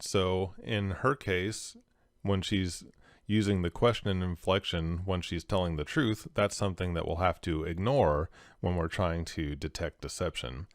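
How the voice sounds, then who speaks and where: A man with a very low voice walks the viewer through clues in a calm, teaching manner. The sound is dry and close, with no room around it. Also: dry recording. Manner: calm, instructive, step-by-step. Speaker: host analysing body language. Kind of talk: explanatory commentary.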